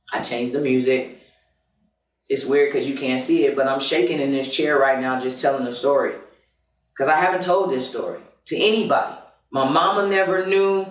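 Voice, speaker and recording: A man hosting a podcast, telling a personal story in a loud, emphatic and profane way. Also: mid-range voice. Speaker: podcast host. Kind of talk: confessional storytelling monologue. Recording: roomy, distant mic.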